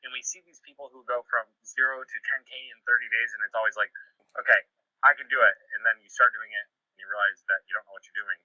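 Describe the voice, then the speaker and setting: A man's voice: on the low side, flat delivery, fast talker, hardly any pauses, pushed and bright, dry recording, lo-fi sound. A man hosting a live-streamed interview, steering the talk with follow-up questions and easy laughs. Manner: guiding, asks follow-ups, laughs easily. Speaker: host.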